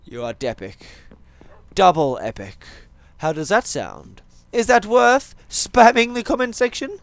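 Young-sounding male let's-play host, slightly high voice with lively swings, rambling, playful, chatty to his viewers. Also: measured pace, no echo. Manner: rambling, jokey, goes off on tangents; talks to viewers and animals in game. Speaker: gaming channel host. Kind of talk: Minecraft let's play commentary.

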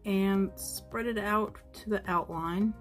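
A woman's voice: medium pitch, fairly even intonation, slow pace, soft background music. A woman narrating a nail art tutorial at home, chatty and self-deprecating, with frequent ums.

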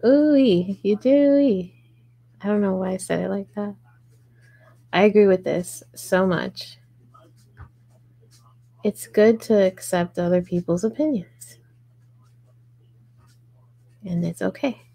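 Woman crocheting live, slow chatty talk to viewers, low gravelly voice. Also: mellow, low-quality recording. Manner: chatty, reads and answers viewer comments, murmurs stitch counts. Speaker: crochet livestream host. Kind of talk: casual live tutorial chat while crocheting.

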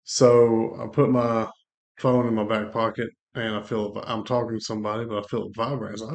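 A man co-hosting a faith podcast, telling a personal testimony as a lively storyteller who acts out what people said. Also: lowish voice, fairly quick. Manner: lively storyteller acting out quoted dialogue. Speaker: co-host sharing a testimony.

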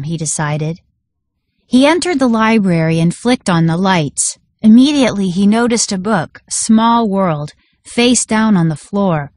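Woman teacher, story read-aloud, measured, medium pitch, dry close sound. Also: dry recording. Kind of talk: reading a story aloud to a class.

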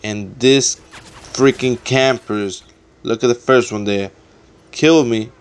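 A man's voice: mid-range voice, slow pace, clear, resonant tone. Swearing young man narrating gameplay. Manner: trash-talking, swearing, exasperated. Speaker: gameplay commentator. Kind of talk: casual gameplay commentary.

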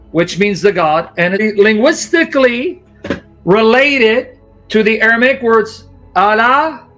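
A man's voice: high-pitched, a bit bright. A man giving a sarcastic, emphatic lecture as a Christian apologist, reacting to a video. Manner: sarcastic, then emphatic and teacherly.

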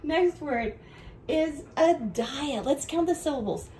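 A woman teaching a home video lesson for young children, with a bright sing-song teacher voice that goes slow and clear for the kids. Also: sits high, lively intonation, a little hiss or hum, rough recording.

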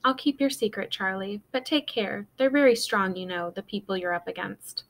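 Lady reading as a worried mom, gentle and concerned, high and anxious. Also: normal speed, gravelly, close to an everyday voice.

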